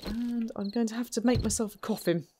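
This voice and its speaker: A woman talks through her gameplay in a chatty, self-deprecating ramble, laughing at herself often. Her voice sits on the higher side, and there is a faint hiss behind it. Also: fairly even intonation, fairly quick. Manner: self-mocking, chatty, giggly. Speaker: gaming channel host. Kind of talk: let's play commentary.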